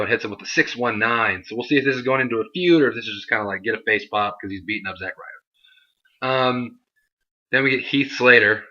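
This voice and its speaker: A man's voice: on the low side, bright, forceful tone, muffled recording. A young man casually reviewing a wrestling show in a chatty, rambling way. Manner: chatty, rambling, lots of fillers. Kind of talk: casual recap monologue.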